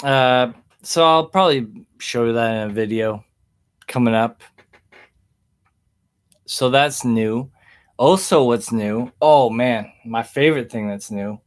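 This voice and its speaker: A man's voice: medium pitch, takes it slowly, pauses often. A man chatting casually on a livestream, rambling and easygoing as he reads the chat, recorded through a webcam mic indoors. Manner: rambling and easygoing, chuckles often.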